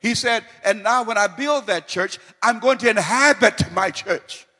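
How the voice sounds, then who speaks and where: A man preaching with a high, bright, ringing voice that swings from quiet teaching to loud, fervent repetition. His voice echoes with a long reverb, as in a large hall. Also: unhurried. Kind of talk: sermon.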